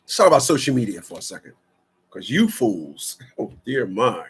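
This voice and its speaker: A man's voice: mid-range voice, very animated, moderate pace, slightly rough. A man from Newark, hosting a radio talk show in a blunt, rambling, preachy monologue full of slang. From Newark, New Jersey.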